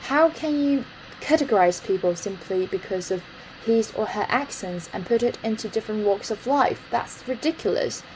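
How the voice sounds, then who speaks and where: A woman's voice: mid-range voice, animated, normal speed, darkish tone, a little hiss or hum, poor audio. A woman hosting a language lesson, explaining an article in an explanatory way and slipping into French with ease. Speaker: host explaining news articles.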